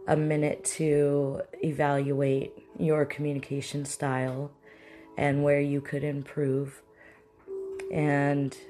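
Conversational mindfulness teacher over faint music. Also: medium pitch. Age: adult with children. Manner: conversational, acts out example dialogues. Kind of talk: casual spoken lesson.

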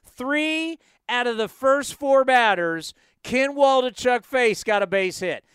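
Excitable bright-voiced man in his fifties. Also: extremely high pitch, slow, smooth, no room sound, studio quality. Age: 50s. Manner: excitable, storytelling, self-mocking. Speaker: sports radio host. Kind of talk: casual sports talk.

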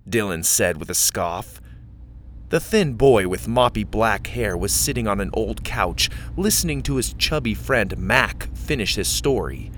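A man reading a scripted story aloud as narrator, with a steady storytelling delivery. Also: on the low side, moderate pace, a little hiss or hum.

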